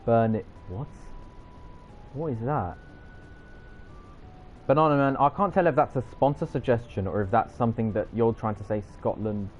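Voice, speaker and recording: A man's voice: medium pitch, normal speed, long pauses. A young man, streaming a racing game and trading teasing, jokey banter with his chat. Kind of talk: live gameplay chat with viewers. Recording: slightly dull audio with music behind.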